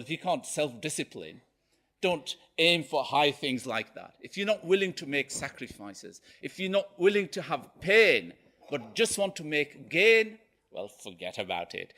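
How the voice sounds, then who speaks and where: A man's voice: medium pitch, fairly bright tone. A man giving a Friday sermon as a preacher, telling a story animatedly and often checking in with "okay?".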